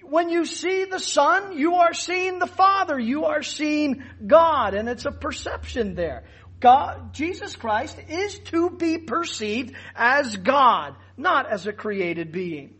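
A man's voice: extremely high pitch, animated, takes it slowly, pushed and bright. A man preaching a sermon as pastor, teaching emphatically and stressing key words.

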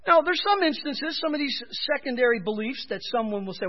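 A male pastor preaches a sermon with lively intonation and a brisk pace, speaking emphatically and often raising his pitch and volume to drive points home. The sermon recording sounds dull and lo-fi.

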